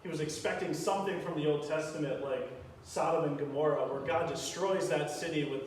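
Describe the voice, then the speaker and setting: A man's voice: on the high side, brisk, darkish tone. A man, a pastor, retelling a Bible story in a sermon and acting out the prayers he quotes. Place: church sanctuary. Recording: echoey church from a distance, faint hiss.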